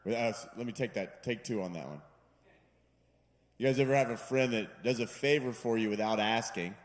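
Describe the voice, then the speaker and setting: A man's voice: on the low side, moderate pace. A man doing a self-deprecating, rambling stand-up set on a bar stage, putting on voices for his jokes. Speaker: stand-up comedian. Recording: live room with long reverb.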